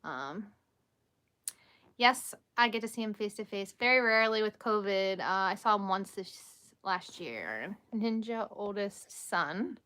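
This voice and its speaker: A woman in her thirties speaks in a bright, forward voice. She chats loosely with her viewers on a late-night livestream from home, laughing easily and answering their questions as they come. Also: medium pitch, lively intonation, unhurried, clear, resonant tone. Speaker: livestream host. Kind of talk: casual live chat with viewers.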